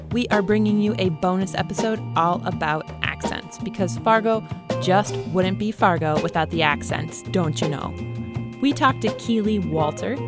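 A woman hosting a public radio podcast, reading a chatty, lightly joking intro and asking questions. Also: fairly low pitch. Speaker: podcast host. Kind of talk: scripted podcast intro and interviewing. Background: music.

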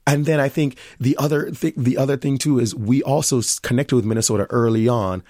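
A man's voice: medium pitch, fairly even intonation, fairly quick, warm tone, no echo, studio quality. A middle-aged Jamaican man, a restaurant owner, talking in an upbeat interview and laughing often. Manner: upbeat, laughs often, acts out customers' voices. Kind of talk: interview conversation.

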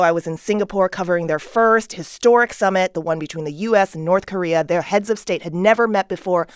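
A woman's voice: on the low side, clean tone, no echo, clean studio sound. A woman news correspondent chatting casually on a talk show, wry and sardonic. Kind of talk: casual chat.

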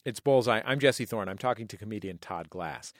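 A man's voice: lowish voice, brisk, no echo, clean studio sound. A male radio host asking interview questions, hesitant and searching, with many fillers.

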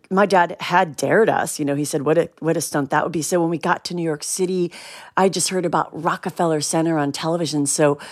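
Lively middle-aged woman telling a story. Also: lowish voice. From Cleveland, Ohio area. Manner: animated storyteller acting out quoted voices. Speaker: guest. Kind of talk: storytelling in an interview.

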